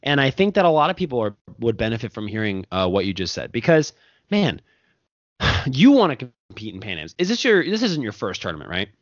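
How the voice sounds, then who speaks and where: Animated jiu-jitsu coach, lo-fi. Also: male voice, mid-range voice, brisk, dry recording. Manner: animated, rambling, self-correcting. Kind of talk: casual podcast chat. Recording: dull lo-fi podcast audio.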